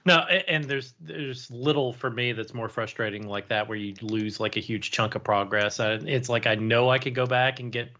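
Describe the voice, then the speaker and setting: A man on a podcast chats in a relaxed, agreeable way about games. His voice is bright, and the recording sounds a bit dull. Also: mid-range voice, normal speed, hardly any pauses. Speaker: podcast co-host. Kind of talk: casual chat about video games.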